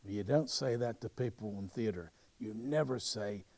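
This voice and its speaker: A man, a local theatre society historian, narrating over show footage in a chatty, halting way with many fillers and restarts, lively when telling a story. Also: on the low side.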